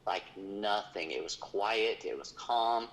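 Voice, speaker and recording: A man's voice: lowish voice, takes it slowly, fairly bright tone, low-quality recording. A man, a paranormal investigator, telling a story in casual conversation, rambling with lots of fillers.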